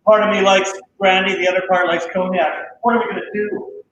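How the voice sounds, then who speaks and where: High-voiced man doing improv. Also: little pitch movement, brisk, a bit bright, highs cut off, a little hiss or hum. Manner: playful, mock-earnest. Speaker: improv performer. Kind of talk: improv comedy over video call. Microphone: video call. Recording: echoey home room.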